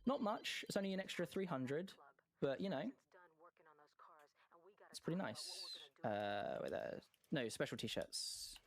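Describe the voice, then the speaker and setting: A man's voice: mid-range voice, big pitch swings. A man giving live speedrun commentary in a chatty way, often correcting himself and joking. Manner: chatty, self-correcting, quick jokes and laughs.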